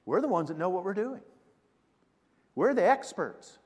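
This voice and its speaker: A man preaching acts out a weary, exasperated fisherman who has worked all night, loud and pleading. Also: high-pitched, sing-song, moderate pace, husky, exaggerated voice. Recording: long reverb of a church hall.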